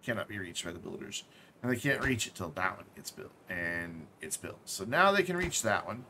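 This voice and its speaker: A man's voice: low voice, sing-song, moderate pace, sharp tone, slight background noise. A man casually commenting while playing a game on a live stream, thinking aloud, correcting himself and dropping jokey asides.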